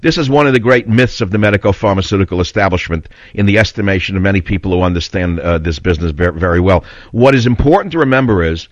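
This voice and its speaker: Blunt older radio host, low voice. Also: male voice, fast talker, hardly any pauses, no echo. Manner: blunt, combative, rambling storyteller. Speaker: radio talk show host. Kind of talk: opinionated talk radio monologue. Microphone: studio mic. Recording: dull, slightly lo-fi radio audio.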